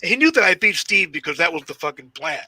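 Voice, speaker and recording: A man with a very bright, forward voice tells loose, swear-filled stories from his wrestling career. His pitch sits slightly high, and the sound is close and dry with no room around it. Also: sing-song, fast talker, husky, dry recording. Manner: heavy swearing, rambling anecdotes; self-described shy and socially awkward. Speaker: guest, pro wrestler. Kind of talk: casual storytelling interview.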